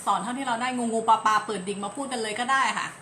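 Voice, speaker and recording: A woman with a Thai accent co-hosting a live-stream chat, explaining things quickly and earnestly. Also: a little high, steady tone, sharp tone, slight background noise. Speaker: co-host. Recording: roomy echo, faint ambience.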